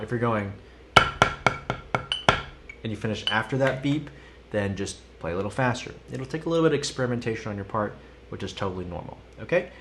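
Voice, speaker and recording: Low-voiced man singing drum counts. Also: very noisy. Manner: sings counts and sticking aloud while demonstrating. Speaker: drum teacher. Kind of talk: live-streamed music lesson. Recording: loud instrument and metronome behind.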